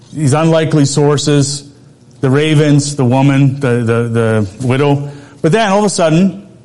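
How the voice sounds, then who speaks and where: A man in middle age delivers a sermon through a personal story. His voice sits a little higher than usual for a man. He talks conversationally and laughs often between phrases. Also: darkish tone. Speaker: preacher.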